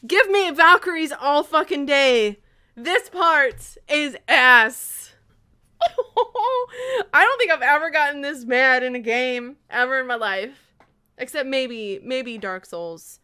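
A woman's voice: sits high, sharp tone, smooth. A woman streamer giving casual, profane, frustrated commentary while playing a game, with game music behind.

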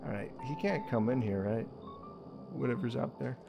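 A man's voice: mid-range voice, normal speed, vocal fry. A young man giving jokey, jumpy commentary while playing a horror game, swearing and talking to himself. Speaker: let's play host. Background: game music.

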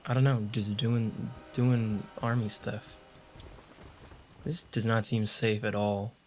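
A man's voice: fairly low pitch, little pitch movement, slow, slight background noise. A man giving joking, sarcastic commentary while playing a video game, with audible mouth clicks. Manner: joking, sarcastic running remarks. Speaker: gaming video creator.

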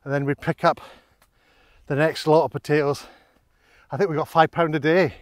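A fairly high-voiced man talking his way through a country walk, rambling and self-deprecating as he goes. He sounds a little out of breath on the inclines, speaking into a camera mic outdoors, and the sound is dry and close. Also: steady tone, normal speed, dry recording. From Scotland. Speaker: vlogger on a countryside hike. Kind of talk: casual walking vlog narration. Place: outdoors in open countryside, fields and hills.

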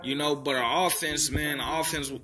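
A man's voice: on the high side, steady tone, moderate pace, crowd noise. A man ranting angrily about his football team, cursing constantly and repeating himself. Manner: profane and heated, repeats himself. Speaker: sports fan vlogger. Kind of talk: angry fan rant.

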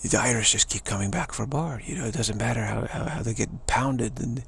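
A man giving a rambling, animated spiritual talk, slipping into different characters' voices as he goes. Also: mid-range voice, a little fast, gravelly, a little hiss or hum. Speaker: spiritual teacher.

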